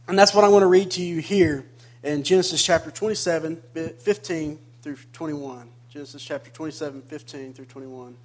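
High-voiced preaching man. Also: steady tone, fairly quick. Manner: storytelling with joking asides, growing more emphatic. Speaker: pastor. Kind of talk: sermon. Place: church sanctuary.

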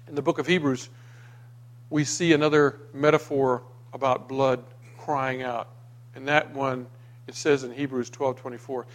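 A man preaching a sermon, dramatic, going from loud emphasis to hushed near-whispers and reading scripture aloud with acted voices. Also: fairly high pitch. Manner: reads scripture aloud and acts out the quoted voices.

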